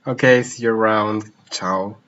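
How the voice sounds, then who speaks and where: A man's voice: on the low side, steady tone, measured pace, a bit bright. A man hosting a casual live question-and-answer stream as a language teacher, reading viewer questions and hopping between languages. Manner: switches languages mid-sentence, reads questions aloud. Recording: slightly dull lo-fi stream audio.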